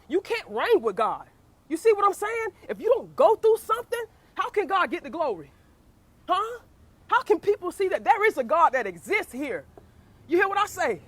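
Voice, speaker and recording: A young woman giving a fervent preaching testimony, repeating phrases and calling out to her listeners again and again. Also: sits high. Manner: fervent, repeats phrases and calls "you hear what I say?" to listeners. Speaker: speaker giving a personal testimony.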